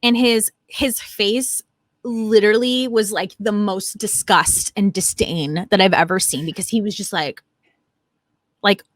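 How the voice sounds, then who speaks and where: A woman in her thirties co-hosting a casual nostalgic chat, telling an animated story full of fillers and acted-out quotes. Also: mid-range voice, measured pace, no room sound. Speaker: podcast co-host.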